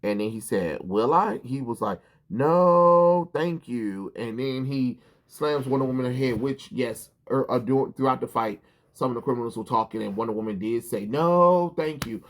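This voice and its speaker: A man's voice: mid-range voice, steady tone, fairly quick. A man recapping a comic book in a casual vlog, rambling, swearing and full of ums and restarts.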